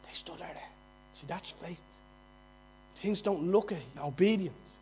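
A man with a Dublin accent preaching a sermon, moving from quiet, conversational asides to loud, mocking outbursts. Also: high voice, slow, breathy edge, low-quality recording. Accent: Dublin Irish. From Dublin, Ireland.

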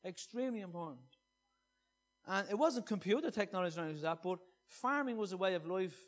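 A man preaching a sermon, earnest, swinging between loud emphasis and soft, hushed scripture reading. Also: high voice, expressive, quick pace.

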